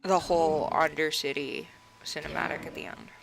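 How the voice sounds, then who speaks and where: A woman's voice: deep voice, steady tone, normal speed, vocal fry, background noise. A woman gaming creator casually ranting and laughing over gameplay, rambling and swearing freely.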